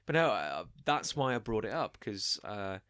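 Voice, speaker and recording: A man's voice: lowish voice, very animated, normal speed, fairly bright tone, dry recording, clean studio sound. A young man co-hosting a podcast, rambling through drinking anecdotes and acting out quotes with a laugh. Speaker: podcast co-host. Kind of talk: casual chat.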